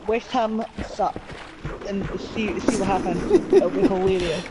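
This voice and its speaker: A woman's voice: mid-range voice, measured pace, very noisy. A woman with a Scottish accent chatting playfully while streaming a game, teasing her friends. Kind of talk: casual gaming chat with friends.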